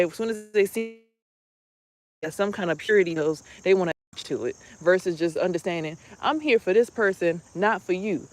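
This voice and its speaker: A woman vlogging as a spiritual healer, talking casually and rambling bluntly through her stories, with some swearing. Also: fairly low pitch. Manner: blunt, profane, rambling storytelling.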